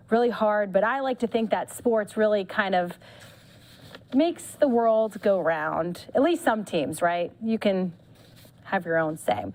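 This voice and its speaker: A woman anchors a live news stream in a loose, chatty way. She fills her pauses with small hesitations rather than reading stiffly. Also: medium pitch, a little mellow, rough recording. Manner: chatty, with many fillers. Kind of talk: casual live news presenting.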